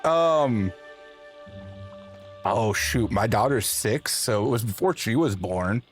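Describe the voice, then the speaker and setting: A man hosting a live gaming stream, chatting casually with viewers and laughing at himself in a playful, animated way. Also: lowish voice, slow pace, soft background music. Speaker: livestream host. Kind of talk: casual chat while gaming.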